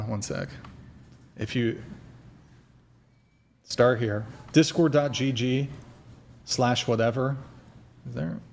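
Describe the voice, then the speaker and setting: Young male streamer host, rambling and profane, casual chat at a desk mic, mid-range voice. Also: medium pitch. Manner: loose, rambling, swears casually.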